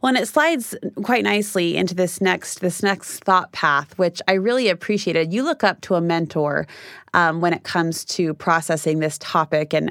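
A woman's voice: on the low side, fairly bright tone, no room sound, clean studio sound. A woman hosting an interview, asking thoughtful, articulate questions. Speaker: podcast host, interviewer. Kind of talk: conversational interview.

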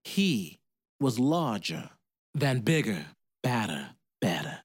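A man telling a folk tale, in a lively, rhythmic way with sound effects. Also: mid-range voice, slow pace, husky. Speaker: storyteller.

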